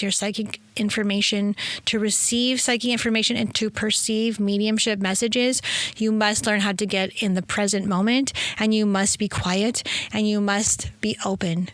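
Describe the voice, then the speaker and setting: An energetic woman hosting a spiritual podcast, talking in a rambling, effusive monologue. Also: medium pitch, dry recording. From Italian heritage. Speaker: spiritual teacher and podcast host. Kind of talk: casual inspirational monologue.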